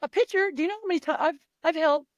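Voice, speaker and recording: A woman mindset and performance coach talking as an interview guest, emphatic and animated, swearing freely and acting out the voices of the athletes she coaches. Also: very high-pitched, racing, no room sound, highs cut off.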